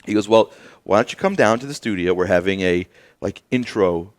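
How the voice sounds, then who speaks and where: A man's voice: lowish voice, a little fast. A man hosting a podcast, telling a story in casual chat with lots of fillers and restarts, acting out what people said. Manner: rambling, acts out quoted dialogue with many fillers. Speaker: podcast host.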